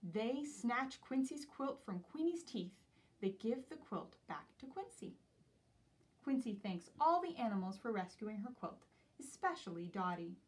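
A woman teacher reading a picture book aloud to young children in an expressive storytelling voice. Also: fairly high pitch, measured pace, far from the mic. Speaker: preschool teacher.

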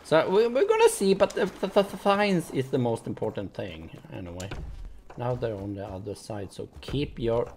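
A man's voice: medium pitch, big pitch swings, normal speed, a little mellow, a little hiss or hum. A man doing let's play commentary, swearing a lot, yelping and shrieking in panic, stuttering as he talks to his viewers. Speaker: gaming channel host.

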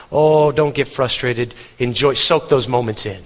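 A man in middle age preaches with earnest, emphatic repetition, his voice sitting at a middle pitch. The sermon rings out in a church hall with a long, lingering reverb. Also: moderate pace, hardly any pauses, a bit bright. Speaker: pastor.

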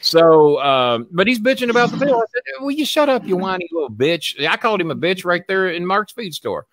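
A man's voice: sits high, big pitch swings, a little fast, a bit bright, no echo. A man hosting a casual chat show, telling a long story in a rambling, profane way with lots of repeats. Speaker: show host.

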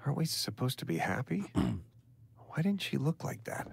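An actor playing a troubled grown man haunted by dreams, muttering quietly to himself in a game. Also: mid-range voice, big pitch swings, normal speed, vocal fry, slight background noise. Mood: uneasy.

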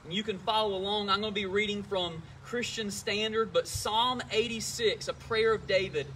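A man, a pastor, leading prayer and reading scripture in a church service, talking in an earnest, gentle way and repeating words as he goes. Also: high voice, steady tone, moderate pace, far from the mic, a little hiss or hum. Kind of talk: sermon and prayer.

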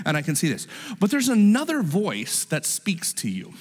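A man preaching a sermon as pastor, animated, repeating words and acting out the voices he quotes. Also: a little high, a little fast, in a large hall. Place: church sanctuary.

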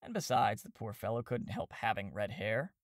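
A man voicing a cheery, fussy young English gentleman who speaks breezily in a storybook reading. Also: fairly low pitch, lively intonation, moderate pace, dry recording, clean studio sound, close to an everyday voice. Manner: breezy, cheerful, brushing things off.

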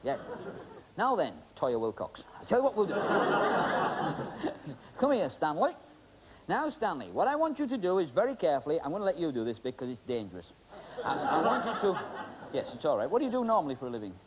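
A man's voice: on the high side, wildly swooping pitch, brisk, long pauses. Joking middle-aged man hosting a magic show. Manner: joking, chatty, teasing, many fillers. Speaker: magician host. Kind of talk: comic stage patter with volunteers. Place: TV studio stage with live audience. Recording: hissy 1980s TV broadcast.

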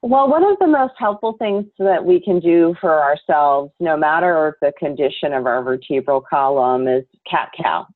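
A woman yoga teacher giving calm, measured, instructive answers in an interview over a remote call. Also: low-pitched, dry recording. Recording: tinny dry call audio.

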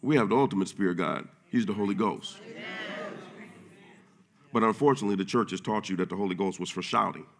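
A man preaching a sermon in church, casual and full of slang, swinging from low murmurs to loud shouting. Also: fairly quick, creaky, long pauses. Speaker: pastor.

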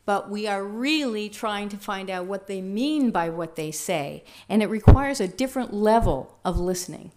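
A woman trainer leading a workshop, talking in a lively, conversational way and asking the room questions. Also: medium pitch, normal speed, hardly any pauses. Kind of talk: teaching a workshop.

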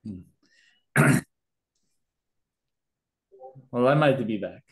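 Male player, unhurried casual speech, mid-pitch. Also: expressive. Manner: hesitant, casual. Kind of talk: casual tabletop play.

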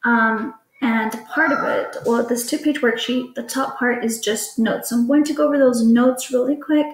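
A woman teacher patiently explaining a lesson to children in a recorded class video. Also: a little high. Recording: echoey room.

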